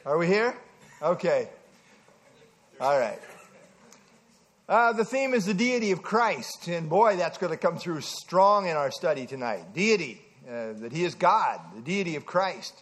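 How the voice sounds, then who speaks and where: A man leading an evening Bible study. He teaches in a conversational way, asks the group questions and often pauses with "uh". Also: fairly high pitch, very animated, fairly bright tone.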